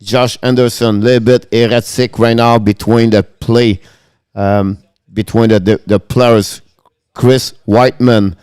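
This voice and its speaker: A man's voice: medium pitch, level tone, measured pace, a little mellow, clear, resonant tone, no room sound, clean studio sound. A man hosting a live-stream hockey show, calling the play-by-play in broken English and laughing often.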